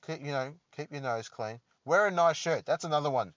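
A man's voice: a little high, fairly quick, fairly bright tone, no echo. A man hosting a solo podcast, rambling and joking in a self-deprecating way. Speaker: podcast host. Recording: dull lo-fi dry recording.

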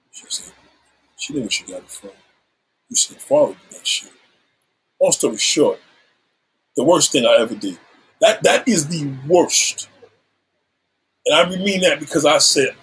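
Husky middle-aged guy telling a raw story, lively pitch, cursing a lot. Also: rough recording. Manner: animated, swears freely, acts out quoted lines. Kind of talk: candid personal storytelling.

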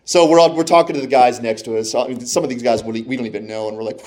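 This man tells a personal story about watching a game from the stands, quick-paced and conversational, with an animated delivery. As things get tense, he quotes his own reactions, swinging up and down in pitch and volume, his voice at a typical middle male pitch.

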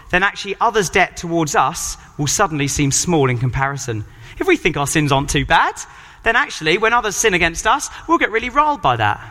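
A man preaching a sermon, reading scripture aloud and acting out the characters' voices with animated delivery. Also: fairly high pitch. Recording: long hall reverb.

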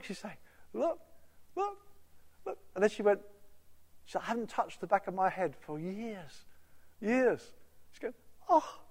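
A man preaching a sermon, telling stories and acting out quotes, building to loud emphatic peaks. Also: on the high side, breathy edge. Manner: animated storytelling, voice rising to loud emphatic peaks. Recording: reverberant hall, voice at times off-mic.

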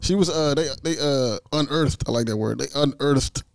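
A man's voice: mid-range voice, moderate pace, creaky, no room sound, studio quality. A man co-hosting a podcast, chatting casually in slang and laughing often. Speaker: podcast co-host. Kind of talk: casual chat.

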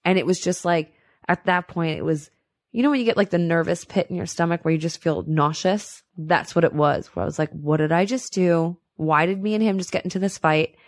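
A woman in casual chat, animated, laughing often and swearing. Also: fairly low pitch, fairly quick, no room sound.

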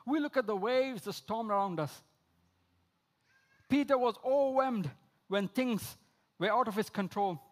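Man, sermon, very high-pitched voice, emphatic, repeats phrases, addresses friends. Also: measured pace, pauses often. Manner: rises to emphatic high exclamations, drops low for quoted lines. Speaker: preacher.

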